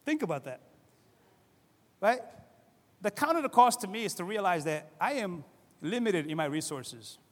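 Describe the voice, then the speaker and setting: A male pastor from Cape Verde, preaching in a lively, conversational way and often asking "right?", swinging between loud and soft. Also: high-pitched, moderate pace, long pauses, long reverb tail. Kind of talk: sermon.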